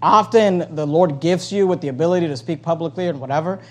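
A man preaching a sermon from the pulpit, reading scripture aloud and then paraphrasing it with a sarcastic, animated delivery. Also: fairly high pitch, quick pace. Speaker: pastor.

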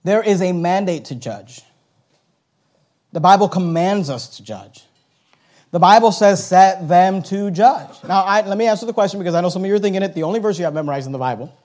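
A man in his thirties preaching a sermon as a pastor, swinging between forceful scripture reading and quiet asides. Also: high voice, a little fast. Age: 30s.

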